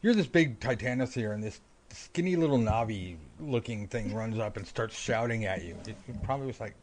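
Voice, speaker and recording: A man's voice: on the low side, fairly quick. A man co-hosting a casual podcast chat about a film, acting out characters' lines as he tells the story. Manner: animated, acts out characters' lines. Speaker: podcast co-host.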